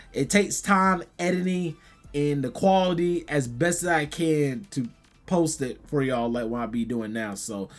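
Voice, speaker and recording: A man, hoarse from yelling, chatting casually to his vlog viewers and saying "y'all" again and again. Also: mid-range voice. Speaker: gaming and convention vlogger.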